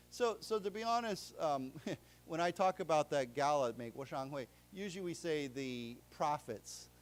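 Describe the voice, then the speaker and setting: An American man teaching a live English class, breaking down vocabulary step by step with plenty of "you know" and restarts. His voice sits a little high for a man. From United States. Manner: explains vocabulary slowly, with many fillers and restarts. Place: lecture room in a library.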